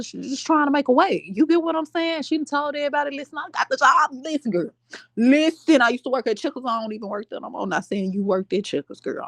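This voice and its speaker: A woman hosting a podcast, giving casual commentary in a slangy, animated way and often checking in with her listeners. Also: high-pitched, dry recording. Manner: slangy, animated, keeps asking "you get what I'm saying". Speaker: podcast host.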